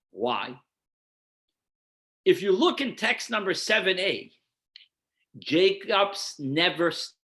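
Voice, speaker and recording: A man teaches a Torah class with a bright, clear tone and a very animated pitch that rises and falls. He speaks slowly and deliberately. He poses rhetorical questions, answers them himself, and points his listeners to numbered texts. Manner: guides listeners through numbered source texts. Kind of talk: explanatory lecture.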